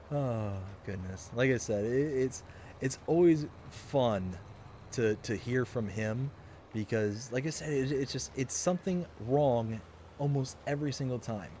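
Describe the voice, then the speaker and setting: Animated yet unhurried, this man has a mellow, mid-range voice, recorded with slight background noise. While streaming a farming game he chats casually, reads viewers' comments aloud, and rambles through anecdotes with plenty of laughter.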